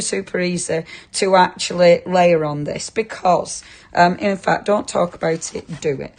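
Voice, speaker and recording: Woman, low voice, effusive live shopping-channel craft presenter, gushing and chatty. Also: vocal fry. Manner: chatty, effusive, talks to viewers by name. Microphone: earpiece with producer talkback.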